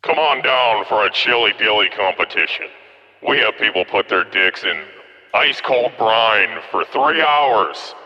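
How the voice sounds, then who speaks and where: Mock radio pitchman, male, brash, put on by a man; muffled, long echo. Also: animated, a little slow. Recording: dull echoey radio-style audio.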